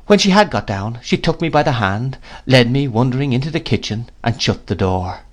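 A man narrating an audiobook of a classic novel in a measured, expressive storytelling manner. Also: medium pitch. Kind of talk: audiobook reading.

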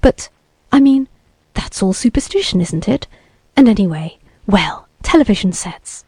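A woman's voice: mid-range voice, expressive, measured pace, darkish tone, husky, dry recording, studio quality. A woman reading the lines of a timid older man who speaks hesitantly and nervously. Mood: apprehensive.

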